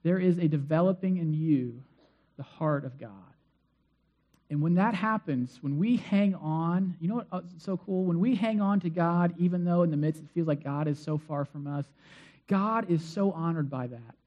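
Man, pastor, conversational sermon, high voice, muffled lo-fi sound. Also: normal speed. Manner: conversational, acts out quoted voices.

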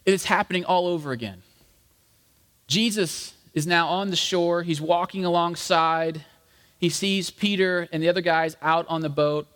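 A pastor with a fairly high voice delivers a relaxed, joking conversational sermon at a normal pace. He calls the congregation "guys," chats with them like old friends, and acts out the voices he quotes. His words trail off in a long reverb that carries around the hall.

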